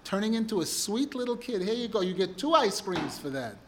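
A man doing a calm, soft-spoken parent. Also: high voice, fairly quick, background noise. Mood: gently indulgent. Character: patient, amused parent.

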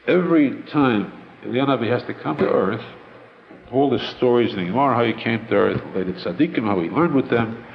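A man giving a Torah lecture as a rabbi, explaining slowly with many pauses and restatements. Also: medium pitch, creaky, big-room sound, dull audio, a little hiss or hum.

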